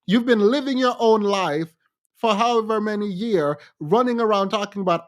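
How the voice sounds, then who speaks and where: A man hosting a livestream, commenting with animated, incredulous rhetorical questions and repetition. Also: high voice, moderate pace. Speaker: podcast host.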